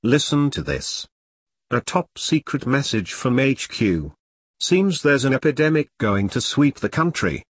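A man's voice: mid-range voice, big pitch swings, slightly rough, dry recording. A man reading the part of a pompous, bossy middle-aged army captain, in a dry voice. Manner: bossy, brisk, dismissive. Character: pompous self-important middle-aged male platoon captain.

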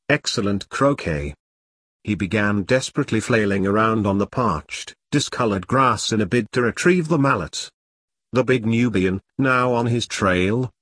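A man narrating a dark comic story in a steady audiobook reading. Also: mid-range voice, dry recording.

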